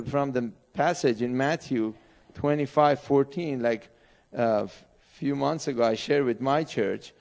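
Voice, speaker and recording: A man's voice: mid-range voice, darkish tone. A middle-aged man from Iran with an Iranian accent, preaching a sermon as a missionary pastor in earnest, broken English. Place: church sanctuary.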